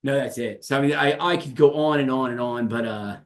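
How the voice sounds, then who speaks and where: A man co-hosting a casual movie podcast, relaxed and hesitant, filling gaps with ums and letting his sentences trail off quietly. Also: medium pitch, brisk. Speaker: podcast co-host.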